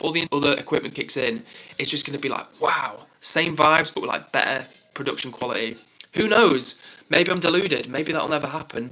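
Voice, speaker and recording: A man's voice: medium pitch, bright, forceful tone, slight background noise, rough recording. A young man hosting his own live stream, chatting casually and reading out viewer comments in an upbeat, self-deprecating way.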